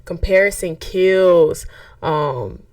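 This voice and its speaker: Young woman podcast host, lowish lively voice, conversational faith monologue, dry and slightly distant. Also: extremely slow, no echo. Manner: animated, conversational, acts out quoted voices. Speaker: track coach.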